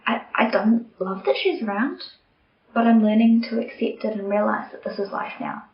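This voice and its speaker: A woman's voice: a little high, moderate pace. A young woman hosting a podcast, talking candidly and earnestly in a personal monologue, sometimes dropping to a near-whisper. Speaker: podcast host. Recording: roomy, slightly dull home recording.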